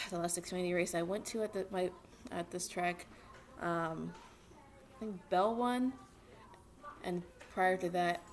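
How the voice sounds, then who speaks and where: A young woman vlogging at home, rambling excitedly with lots of fillers as she talks about racing. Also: lowish voice, a little slow. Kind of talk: casual chat to camera. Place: at home with a dog.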